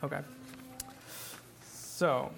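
A man's voice: extremely slow, fairly bright tone, soft background music. A man teaching a class on church chant, talking patiently with many fillers and restarts, and singing short examples.

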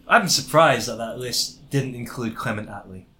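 Man, bright voice, deadpan, mock-serious podcast banter. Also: medium pitch, moderate pace. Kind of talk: casual comedic chat.

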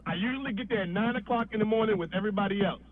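A man's voice: high voice, racing, phone-quality sound, a little hiss or hum. A man, a podcast guest, telling a long story in a loose, profane way, often restarting his sentences. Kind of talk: casual storytelling.

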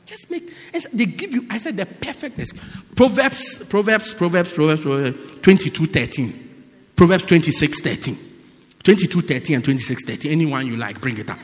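A male pastor preaching a lively sermon in a church, acting out people's excuses and breaking into shouts. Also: a little high, brisk. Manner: animated, mimics excuses, bursts into shouts. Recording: echoey church hall.

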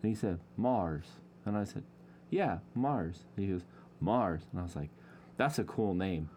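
A man's voice: sits low, quick pace, warm tone, slight background noise. A man co-hosting a sports podcast, telling a story in casual chat and laughing often. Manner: laughs often, tells stories. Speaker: podcast co-host.

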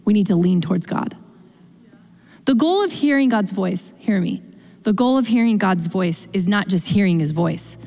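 Woman pastor preaching in a reverberant hall. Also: medium pitch. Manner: expressive, shifts between slow emphatic phrasing and quick asides. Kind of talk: sermon.

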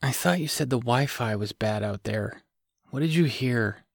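A man voicing a weary, protective single father who talks in a gentle, low-key way. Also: normal speed, vocal fry, dry recording, studio quality. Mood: gentle, wry.

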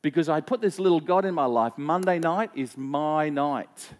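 A man's voice: fairly high pitch, normal speed, hardly any pauses. A man preaching a sermon as pastor, conversational, telling personal stories and asking the congregation questions. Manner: personal anecdotes, frequent repeats and fillers.

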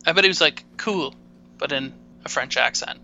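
A man's voice: fairly high pitch, fast talker, gravelly, pushed and bright, slight background noise. A man co-hosting a casual sports podcast, rambling and searching for words, poking fun at himself. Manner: rambling, loses words, self-deprecating. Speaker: podcast co-host. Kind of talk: casual hockey chat. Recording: dull, muffled mic sound.

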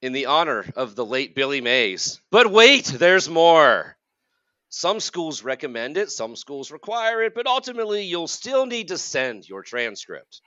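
A man's voice: mid-range voice, very animated, normal speed, hardly any pauses, sharp tone, dry recording, dull audio. A man in his forties, a college counselor co-hosting a podcast, ranting in an exasperated, sarcastic way. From United States. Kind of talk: casual podcast rant.

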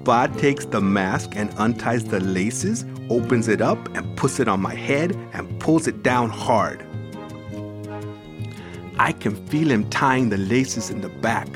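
Slow, expressive male storyteller over music. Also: medium pitch. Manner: unhurried, intimate, expressive reading. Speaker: author reading his own story. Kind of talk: first-person storytelling. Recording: music playing behind the voice.

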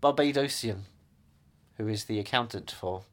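A man's voice: fairly low pitch, moderate pace. A man in casual chat who teases and quizzes his friend in a jokey way.

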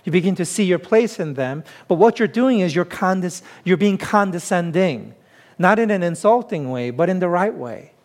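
A man with a high-pitched voice delivering a sermon as a pastor. He talks in a conversational, emphatic way and leans into plain everyday examples. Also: lively intonation, normal speed. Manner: conversational, emphatic preaching with self-deprecating humor.

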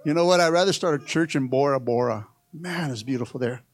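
High-voiced preaching man, dry sound. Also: a little fast, dry recording. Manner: preachy, rising to shouts, joking asides. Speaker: pastor. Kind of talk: sermon.

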